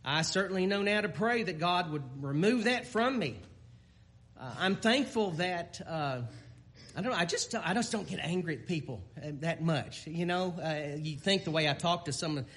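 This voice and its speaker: A man preaching in a folksy, unpolished way, stopping and restarting his thoughts with plenty of filler sounds. His voice sits a little on the high side for a man, and he chuckles at himself now and then. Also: expressive, normal speed, fairly bright tone, husky. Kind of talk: informal sermon.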